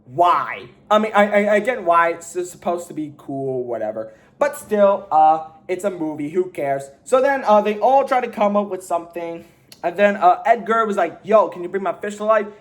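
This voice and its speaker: A man's voice: high-pitched, expressive, normal speed. A man casually recapping a movie, rambling and slangy with lots of fillers. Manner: rambling, filler-heavy storytelling; slangy, offhand. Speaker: movie reviewer.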